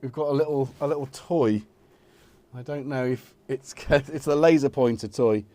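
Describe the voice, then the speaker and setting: A man's voice: medium pitch, moderate pace, warm tone. A middle-aged man hosting a casual live stream, rambling and joking while he talks to his cats.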